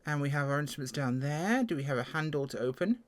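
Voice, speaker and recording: A speaker with an English accent doing a casual first-look review of a flight sim plane, chatty and self-deprecating, with sudden jumps in pitch. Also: lively intonation, fast. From England.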